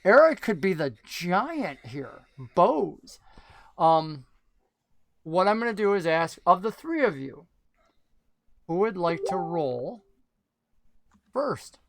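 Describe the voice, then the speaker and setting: A man's voice: high-pitched, big pitch swings, slow, gravelly, long pauses, slight background noise. A man hosting a tabletop game stream as game master, upbeat and joking as he guides the players.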